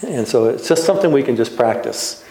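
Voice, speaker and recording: A man, a pastor, giving a reflective sermon in a gentle, unhurried way with soft trailing pauses. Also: mid-range voice, lively intonation. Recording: echoey room.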